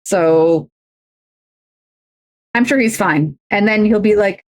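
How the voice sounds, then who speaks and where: A woman's voice: mid-range voice, slow pace. A woman livestreaming, chatting casually while crafting, rambling and self-deprecating with frequent restarts.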